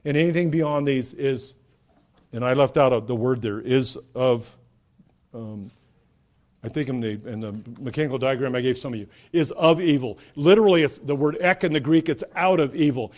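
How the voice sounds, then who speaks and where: This pastor's voice is mid-range and a little mellow, moving at a normal speed. He preaches in a conversational style, asking rhetorical questions and building to emphatic high points.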